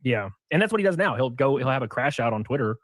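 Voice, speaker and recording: Quick, casual interviewer. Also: mid-range voice, lively intonation, no echo. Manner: casual, agreeable, filler-heavy.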